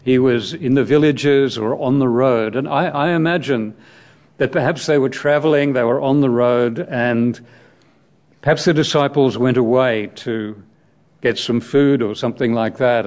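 A man's voice: mid-range voice, moderate pace, a little mellow. A man preaching a sermon on scripture, reflective and explaining the text, asking his listeners direct questions.

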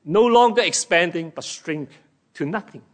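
A man preaching a sermon to his congregation, slow and emphatic, acting out scripture quotes in dramatic voices. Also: sits high, expressive.

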